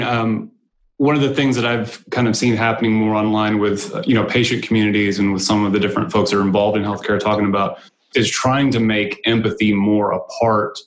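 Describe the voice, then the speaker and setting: A man co-hosting an interview, asking long, hesitant questions full of fillers. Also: on the low side. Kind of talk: conversational interview. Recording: roomy echo.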